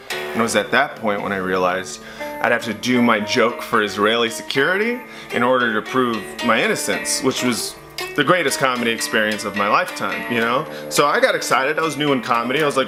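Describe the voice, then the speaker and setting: A male comedian tells a story in an excitable, self-deprecating way, his voice at an ordinary middle pitch. Music plays clearly beneath him the whole time. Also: a little fast. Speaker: stand-up comedian. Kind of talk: stand-up storytelling.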